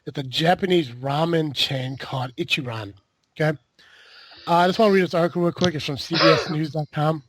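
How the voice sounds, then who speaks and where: A man's voice: on the high side, a little fast, fairly bright tone. A man hosting a podcast in casual chat, rambling with lots of fillers and the odd swear. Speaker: podcast host.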